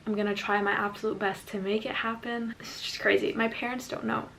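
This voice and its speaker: A woman's voice: mid-range voice, little pitch movement, brisk, gravelly, a bit bright, slight background noise. A young woman from Denmark, chatting upbeat to camera as a vlogger and saying "like" a lot. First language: Danish. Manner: chatty, upbeat, says "like" often. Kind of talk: casual talk to camera.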